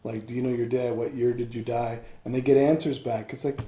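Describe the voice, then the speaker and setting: A man hosting an interview, chatting in a relaxed, wry way. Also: mid-range voice, a little fast. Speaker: host. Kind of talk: interview chat. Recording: echoey room with faint noise.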